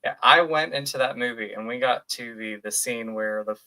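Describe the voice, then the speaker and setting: A man co-hosting a casual podcast, telling animated, emotional stories with quoted asides. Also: mid-range voice, moderate pace, poor audio. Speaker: podcast co-host. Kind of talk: casual chat.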